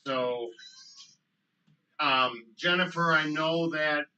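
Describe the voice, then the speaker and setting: A man co-hosting a casual podcast chat, choking up and pausing often with ums. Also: on the high side, sharp tone, recorded from a distance, lo-fi sound. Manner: choked up, halting with many ums. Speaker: podcast co-host.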